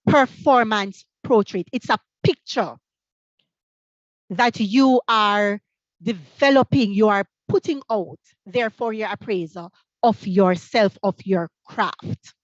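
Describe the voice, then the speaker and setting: A woman with a Jamaican accent leading a teacher training workshop over a video call. She is energetic and fires off rhetorical questions. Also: mid-range voice, takes it slowly, no echo, dull audio. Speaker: workshop facilitator.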